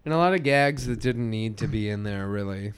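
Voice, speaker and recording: A man's voice: lowish voice, lively intonation, clean tone. A man co-hosting a casual podcast, recapping a cartoon episode and mimicking the characters' lines as he goes. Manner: retells scenes with quick mimicked lines. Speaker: podcast co-host.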